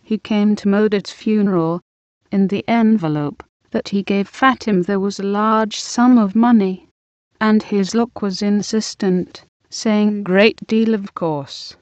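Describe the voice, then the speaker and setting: Slow, deliberate woman reading aloud. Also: mid-range voice, steady tone, darkish tone, no room sound. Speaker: audiobook reader. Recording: dull lo-fi recording.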